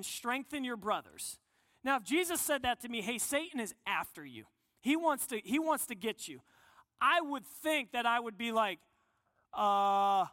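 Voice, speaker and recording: A man's voice: sits high, sharp tone, no echo, big-room sound. A man preaching a sermon in a conversational, earnest way, often restarting his sentences. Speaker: pastor.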